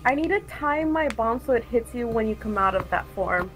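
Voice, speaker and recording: A woman's voice: on the high side, animated, normal speed, a bit bright, soft background music, poor audio. A woman playing a game with her sibling, chatting casually, playful and jokey with nervous outbursts. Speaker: sibling co-player. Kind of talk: casual gameplay chat.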